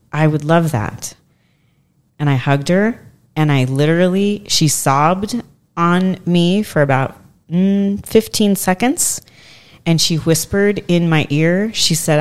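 A woman's voice: fairly low pitch, takes it slowly. A woman in her forties telling a long personal story in a casual podcast chat, animatedly acting out what others said. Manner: animated, acts out quoted voices.

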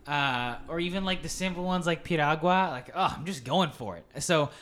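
A man's voice: on the high side, moderate pace, fairly bright tone. A young man co-hosting a casual movie podcast, gushing with enthusiasm and plenty of filler words. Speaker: podcast co-host. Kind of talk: casual chat.

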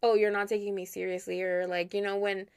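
A young woman co-hosting a podcast in casual chat, talking with lots of "like" and retelling stories in an animated way. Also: medium pitch, fairly quick, clear, resonant tone, dry recording, studio quality. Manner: chatty, heavy use of "like", animated retelling. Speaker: podcast co-host.

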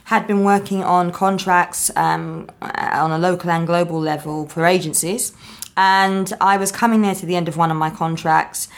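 A woman answering interview questions as a guest, explaining in a measured way with frequent ums. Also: on the low side, fairly even intonation. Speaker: guest, marketing founder.

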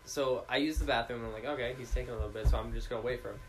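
A young man chatting with friends, telling stories quickly and teasing playfully. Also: medium pitch, fairly even intonation, a little hiss or hum. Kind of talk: casual chat among friends.

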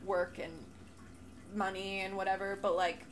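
A woman's voice: medium pitch, unhurried, a little hiss or hum. Chatty laughing young woman co-host. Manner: animated, laughing, chatty with playful quoted voices. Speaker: podcast co-host. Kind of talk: casual chat.

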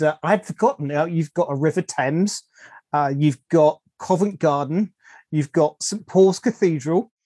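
A man's voice: on the high side, a little mellow, no echo. English podcast host guy, super enthusiastic, stumbles over words, dry close sound. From England. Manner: enthusiastic, repeats words while thinking. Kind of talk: casual podcast interview.

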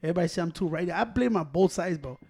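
A man's voice: high-pitched, expressive, very fast, creaky, a little mellow. A man in casual chat, ranting and mocking people with heavy swearing.

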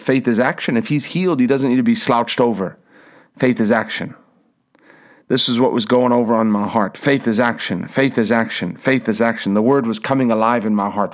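A young man preaching a sermon, telling a personal story with emphatic repetition and frequent restarts. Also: mid-range voice. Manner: emphatic, repeats phrases, restarts words.

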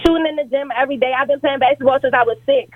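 A woman's voice: high voice, steady tone, racing, no echo. A woman in her twenties calling into a radio show from a hair salon, emotional and rambling. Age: 20s. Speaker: caller. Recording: tinny phone line.

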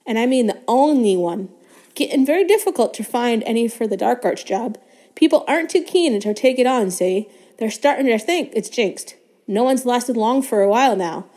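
A woman voicing a huge, gruff but kindly male gamekeeper in a storybook reading, growling as he talks. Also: fairly high pitch, lively intonation, normal speed, a little mellow, pitched above the performer's own voice.

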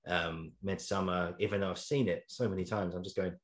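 A man hosts a casual interview podcast, asking questions in a relaxed, enthusiastic way. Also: deep voice, fairly quick. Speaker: podcast host. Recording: roomy echo.

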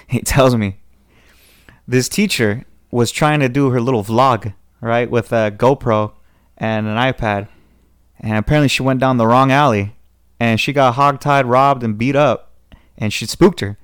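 A young man with a SoCal accent, a guest on a podcast, tells a long rambling story at a measured pace, stopping to restart and impersonating the people involved. His mid-range voice is clear and resonant, and the recording is dry and studio-clean.

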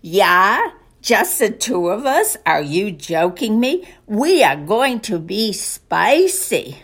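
A woman's voice: mid-range voice, very animated, slow pace, a bit bright, husky, full character voice. A woman voicing a hyperactive, passionate male pig performer with a German accent, exuberant and pushy. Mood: cocky.

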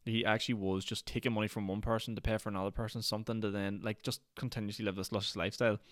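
Brief: Northern Irish male podcast host, ranty and rambling, lowish voice, rapid delivery. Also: level tone, no echo, studio quality. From Northern Ireland. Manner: rambling, ranty, heavy use of "like". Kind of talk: solo podcast rant.

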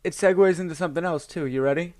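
An American man co-hosting a podcast in casual chat. He has a somewhat higher pitch and a playful, teasing way of talking. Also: quick pace, a little mellow. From United States. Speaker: podcast co-host.

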